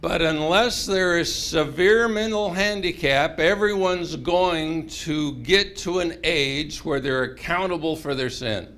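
A man's voice: a little high, slow pace, hardly any pauses. A man preaching a humorous mini-sermon to a chapel congregation, telling stories animatedly with voices. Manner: animated, jokey storytelling with voices.

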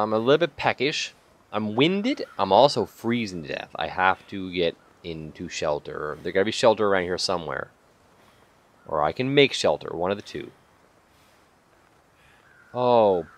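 A man playing a survival video game and talking through it in casual commentary, chatty and profane, with sudden excited yelps. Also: lowish voice, moderate pace. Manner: chatty, swears a lot, bursts into excited yelps. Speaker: gaming channel host. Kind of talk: let's play commentary.

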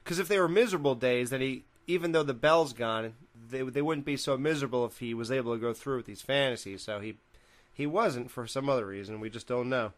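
A podcast co-host talks through a sitcom episode in a loose, rambling way. He laughs often, speaks casually to his listeners, and his voice sits at an average male pitch. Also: brisk.

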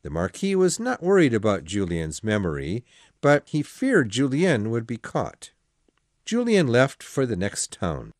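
A man's voice: mid-range voice, wildly swooping pitch, unhurried, a little mellow, no echo, studio quality. A man reading a classic novel aloud as an audiobook narrator, telling the story expressively.

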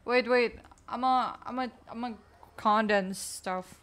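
A woman streaming a game, chatting casually with teammates in a low, weak, energy-saving way. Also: takes it slowly, fairly bright tone. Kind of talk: casual live-stream chat while gaming.

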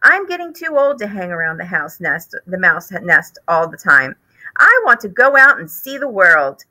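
Storybook: woman reading cocky young boy mouse, bright and lively, pitched up. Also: moderate pace, full character voice, low-quality recording. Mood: eager. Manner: eager, boastful.

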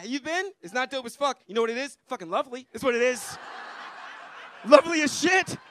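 American male stand-up, young, very high and bright voice, loose chatty crowd work on a club stage. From United States. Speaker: stand-up comedian. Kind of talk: stand-up comedy set.

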